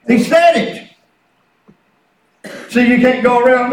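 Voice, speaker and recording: A middle-aged male pastor preaching in a folksy, repetitive way, his voice pitched very high for a man. He sounds distant from the mic in an echoey room. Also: measured pace, long pauses, a little hiss or hum. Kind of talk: sermon.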